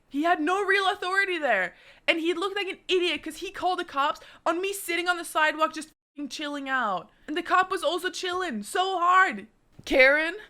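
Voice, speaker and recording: High bright-voiced woman telling a story. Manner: animated, profane, laughs often. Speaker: streamer. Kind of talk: casual storytelling chat.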